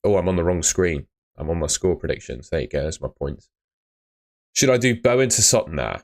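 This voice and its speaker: A man's voice: sits low, big pitch swings, a little fast, vocal fry. A young man chatting on a live stream, giving blunt fantasy football advice and often calling viewers "mate". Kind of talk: casual live-stream chat.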